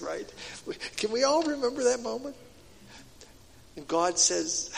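A man preaching a sermon, dropping to hushed asides and then building to loud, emphatic declarations. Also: high voice, moderate pace, gravelly. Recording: long hall reverb.

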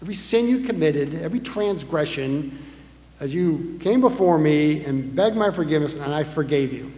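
A man's voice: a little high, animated, moderate pace, darkish tone. A man preaching a sermon as a pastor, talking conversationally and putting rhetorical questions to the congregation. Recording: echoey hall with long reverb.

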